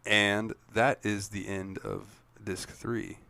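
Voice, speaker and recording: A man's voice: fairly low pitch, flat delivery, slow pace, vocal fry, bright, forceful tone, no echo. A man co-hosting a gaming podcast, recapping game scenes in casual, profane chat and laughing often. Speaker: podcast co-host.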